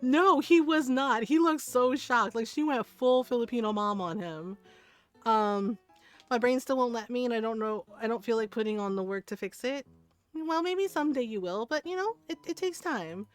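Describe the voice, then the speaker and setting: A woman streamer talks casually with her chat in a fairly high voice, trading stories and laughing easily. Soft music plays faintly under her talk. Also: normal speed. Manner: chatty storyteller, laughs often, answers chat. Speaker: livestreamer.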